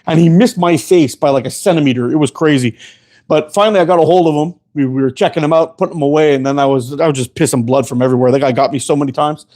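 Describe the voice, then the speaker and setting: Man, slightly high voice, casual rambling storyteller, swears a lot. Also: quick pace, darkish tone. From Canada. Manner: rambling, profane, laughs often. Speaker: host.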